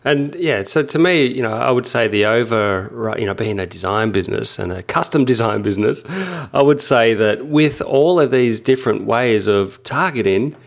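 A man's voice: medium pitch, animated, normal speed, gravelly. A man co-hosting a podcast, chatting enthusiastically and agreeing with his partner. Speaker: podcast co-host. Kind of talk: casual podcast discussion.

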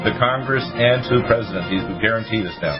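A low-voiced man talks at a brisk clip, firing off supplement names and doses as a radio health doctor. The sound is muffled, with soft music underneath. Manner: rapid, rattles off supplement lists. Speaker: doctor and radio show host. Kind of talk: health call-in radio talk.

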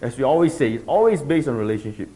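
A man's voice: mid-range voice, fast. A middle-aged man teaching a group about discipling, often checking in with his listeners. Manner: animated, keeps checking in with the audience. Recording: dull lo-fi recording.

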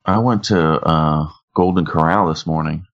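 A man's voice: a bass voice, normal speed, creaky, muffled recording. A man co-hosting a casual chat in a laid-back drawl.

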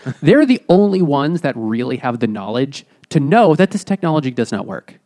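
A man chats casually on a podcast, tossing in wry asides in a middle-pitched voice. The sound is close and dry, with no room around it. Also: very animated, normal speed, mellow, no room sound. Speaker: podcast co-host. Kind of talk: casual chat.

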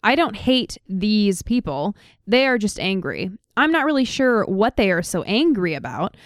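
A woman's voice: medium pitch, big pitch swings, moderate pace, lightly acted. A woman doing a Southern accent while voicing a self-righteous middle-aged male pizza shop owner on a podcast. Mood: folksy.

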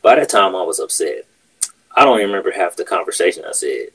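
A man's voice: low-pitched, lively intonation, fast talker, creaky, fairly bright tone, breathy edge, rough recording. A man hosting a podcast, telling a workplace story in casual, profane chat. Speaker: podcast host.

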